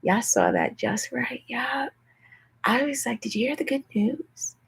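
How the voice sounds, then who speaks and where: A young woman tarot reader chatting casually with viewers in a hushed, half-whispered voice, often calling out to them directly. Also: a little high, wildly swooping pitch, a little slow, gravelly, breathy edge, low-quality recording. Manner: chatty, keeps addressing viewers as "you guys". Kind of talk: casual livestream tarot chat.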